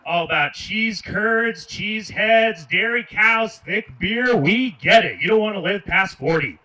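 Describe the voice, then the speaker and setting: Bright-voiced sarcastic stand-up comic outdoors. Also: male voice, high voice, animated, measured pace. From Michigan. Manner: sarcastic, addresses the crowd directly. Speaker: stand-up comedian. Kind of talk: stand-up comedy set. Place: outdoor park stage. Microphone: handheld stage mic. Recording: distant mic with faint noise.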